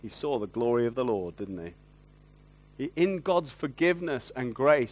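A man preaching a sermon, earnest and gentle, often drawing his listeners in with tag questions. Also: mid-range voice, big pitch swings, normal speed.

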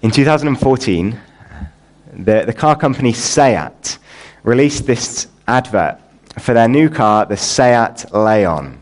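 A man's voice: medium pitch, animated, takes it slowly. A man preaching in a church, praying and then explaining a passage, building to earnest emphasis on key lines. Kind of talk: sermon with prayer.

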